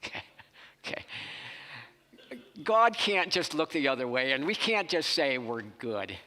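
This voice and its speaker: Expressive pastor preaching in a hall. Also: male voice, a little high. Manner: expressive, slow and emphatic delivery. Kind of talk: sermon with scripture reading. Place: church worship center.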